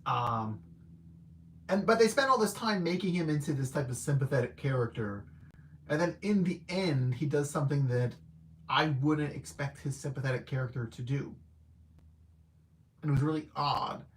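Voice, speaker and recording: A man's voice: a little high, moderate pace, pauses often, slight background noise. A man giving a casual, rambling spoken movie review. He hesitates, leans on filler words, and chuckles at his own remarks. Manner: rambling and hesitant, heavy use of "like" and "I don't know"; laid-back and conversational. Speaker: film reviewer.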